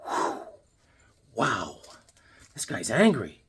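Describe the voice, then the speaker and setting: A man's voice: a little high, sing-song, moderate pace, husky. A man casually telling rambling, sarcastic stories while showing off his comic books. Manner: rambling, sarcastic, restarts often. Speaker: comic book collector and vlogger.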